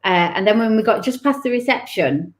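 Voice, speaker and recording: A woman's voice: a little high, lively intonation, fairly quick. A woman, a guest author telling her personal story in an interview, candid and emotional with many restarts.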